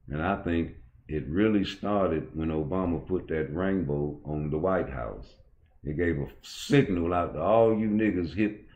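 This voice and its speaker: Middle-aged dude with a real deep voice, cussing and ranting bluntly on his channel. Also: a little mellow, dull audio, a little hiss or hum. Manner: blunt, profane, heated. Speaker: boxing commentator on his own channel. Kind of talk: casual opinion rant.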